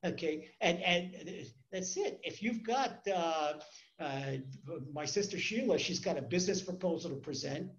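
A man's voice: fairly high pitch, unhurried, dull audio. A man, a rabbi, teaching a Torah class in a conversational way, repeating words as he tells stories.

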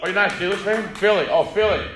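A man's voice: high-pitched, fast talker, very noisy. A man doing stand-up crowd work on a comedy club stage, chatty and teasing with the audience, into a handheld mic. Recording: echoey live venue with crowd.

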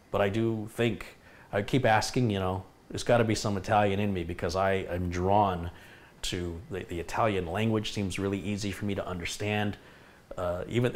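Man, tech live stream host, low voice, chatty, enthusiastic. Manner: chatty, enthusiastic, reads viewer comments aloud. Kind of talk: casual live stream chat.

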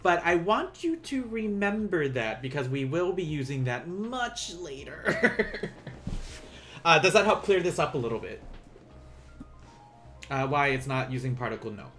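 A man teaching a live online language lesson, explaining patiently and repeating phrases slowly for learners. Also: a little high, sing-song, a bit bright, faint music behind.

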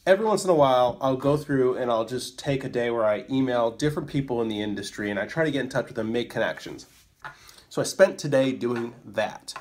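A man chatting casually in a vlog, rambling and laughing often as he mocks himself. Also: medium pitch. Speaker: vlogger, small business owner. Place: out walking in town, then indoors.

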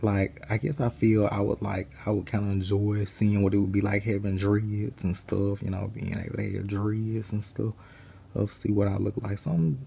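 A tired young man chatting loosely to camera while lying in bed, his low voice gravelly and mellow. He rambles at an easy, unhurried pace. A faint hiss sits under the recording. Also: level tone. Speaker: vlogger. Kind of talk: casual chat.

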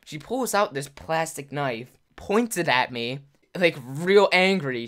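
A man's voice: on the high side, animated, slow pace, fairly bright tone. A young man casually telling a rambling story to his viewers, full of "like" fillers and acted-out quotes. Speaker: YouTuber.

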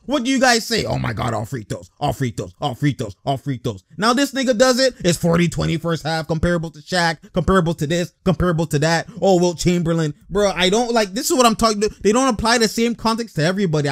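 Young guy reacting to hoops, high voice, laughs a lot, dead dry sound. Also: no room sound. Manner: excitable, laughing, slangy and blunt. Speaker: basketball reaction commentator. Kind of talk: casual reaction commentary.

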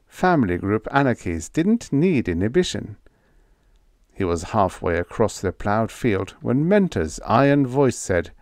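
Slow, low-voiced male audiobook narrator. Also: a little mellow, dry recording, studio quality. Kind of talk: calm sleep-story narration.

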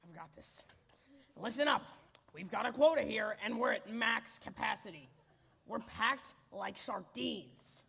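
A bossy gatekeeper creature lays down the rules in a declaiming stage voice, as a young performer plays it. The voice is heavily gravelly and sits at a middling pitch. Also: expressive, measured pace, a bit bright. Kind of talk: school stage musical acting.

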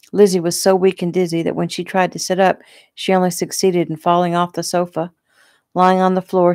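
A woman reads her own novel aloud in a relaxed, conversational way, as if sitting in the room with the listener. Her voice is low and gravelly, and the recording is close and dry. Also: no room sound. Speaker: author reading her own book. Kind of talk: casual audiobook narration. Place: home room.

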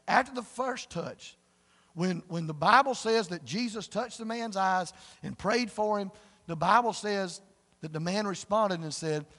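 A middle-aged man, preaching a sermon in a folksy storytelling way that swells to loud emphatic preaching. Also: high-pitched, slightly rough. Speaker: pastor. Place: church sanctuary. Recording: long church reverb.

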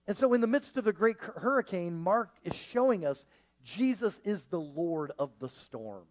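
A man with a notably high-pitched voice preaches a lively sermon to a church congregation. He jokes and riffs, dropping to a near-hush one moment and pushing loud the next. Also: normal speed. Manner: animated, joking, swings between hushed and loud. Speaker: pastor.

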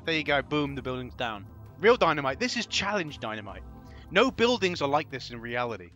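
A man's voice: mid-range voice, very animated, a little fast, fairly bright tone, soft background music. A man giving gameplay commentary, ranting and swearing in frustration at a puzzle game. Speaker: gaming channel host.

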